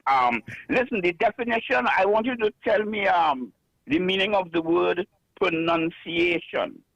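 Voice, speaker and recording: A man phones in to a radio show and needles the host, pushing his point without letting up. His voice is gravelly and a little high. The sound is dry. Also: animated, measured pace, fairly bright tone, dry recording, dull audio. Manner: teasing, insistent. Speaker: caller. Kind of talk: call-in radio.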